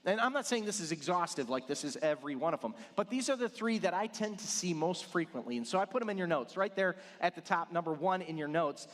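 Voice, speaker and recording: A man's voice: high voice, animated, quick pace, hardly any pauses. A middle-aged male pastor preaching a sermon, telling stories with self-deprecating jokes. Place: church sanctuary. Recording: long hall reverb.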